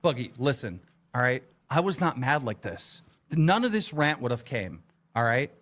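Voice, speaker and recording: A man on a live stream, ranting furiously, swearing and shouting. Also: medium pitch, sing-song, normal speed. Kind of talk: angry rant on a live stream.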